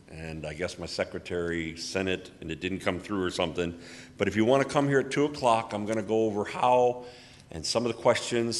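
A man giving church announcements and a sermon, chatty and folksy. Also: on the low side. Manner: folksy, chatty, tells anecdotes with acted quotes. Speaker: literature ministry speaker. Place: church hall. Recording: long hall reverb.

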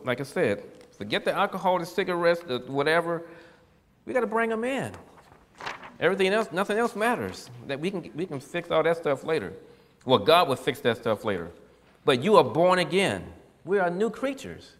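A man delivers a down-to-earth sermon in an easygoing, folksy manner, chuckling at his own lines. His voice swings widely in pitch as he gets animated. The sound carries a long reverb, like a church hall. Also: moderate pace. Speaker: preacher. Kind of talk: casual sermon.

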